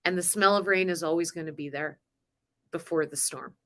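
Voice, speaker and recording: A woman's voice: low-pitched, a little fast, bright, forceful tone. A woman hosting a spiritual coaching live stream, talking in a chatty, emotional way with frequent laughs. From grew up on a farm. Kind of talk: casual live-stream talk.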